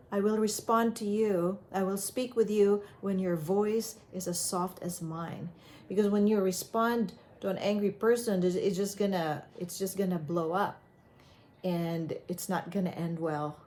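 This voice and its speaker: Slow, calm woman giving self-help advice. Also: mid-range voice. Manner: calm, gentle, conversational with frequent fillers. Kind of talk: motivational advice talk.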